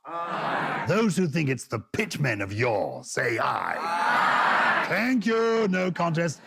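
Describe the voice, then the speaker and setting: A playful, theatrical man co-hosts a live podcast from a theatre stage. His voice sits a little high and swoops up and down with animated energy as he works the crowd. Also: a little slow, creaky, heavy background noise. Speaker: podcast co-host. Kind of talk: live podcast banter before a theatre audience.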